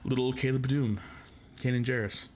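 A man's voice: mid-range voice, fairly even intonation, moderate pace, a little mellow, a little hiss or hum. A man co-hosting a podcast in casual chat, rambling enthusiastically with lots of filler words. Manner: enthusiastic fan. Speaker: podcast co-host.

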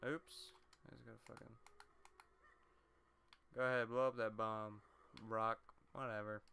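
Gravelly, profane young gamer man. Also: fairly low pitch, little pitch movement, a little slow, sharp tone. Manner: profane, rambling, easily frustrated. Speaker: let's play host. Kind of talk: let's play commentary.

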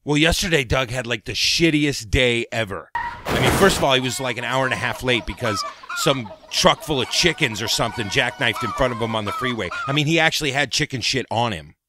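Animated man telling a gossipy story. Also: mid-range voice, brisk, heavy background noise. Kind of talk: comedic anecdote telling.

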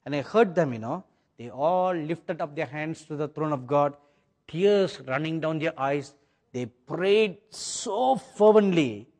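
A man from India delivers a sermon in English that carries a British-influenced accent. He tells his story dramatically, swinging from loud, ringing phrases to near-whispers. His voice sits a little high for a man. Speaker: preacher.

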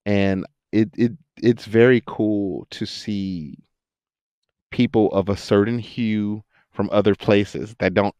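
A man who works as an actor and voice actor, chatting in a podcast interview, telling stories with lots of laughter and quick impressions. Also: fairly low pitch, clear, resonant tone, no echo. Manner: animated storyteller, laughs often, jumps into quoted voices. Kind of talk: casual interview chat.

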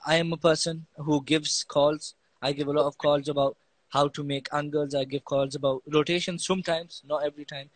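A man's voice: fairly high pitch, no room sound. Young man with a slangy British accent. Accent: British English slang. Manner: relaxed, halting, frequent fillers. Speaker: pro mobile esports player. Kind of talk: casual interview on a live stream.

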